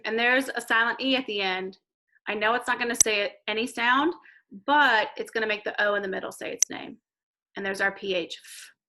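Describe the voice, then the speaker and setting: A woman teacher giving a recorded reading lesson to young children, slowly sounding out letters and words. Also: medium pitch, bright, forceful tone, low-quality recording. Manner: slow, clear modelling of letter sounds.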